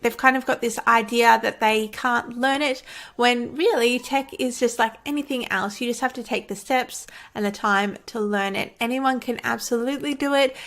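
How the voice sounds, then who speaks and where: A woman who creates online courses and coaches talks casually to camera while teaching, chatty and encouraging, laughing often. Her voice is a little high with a fairly bright tone.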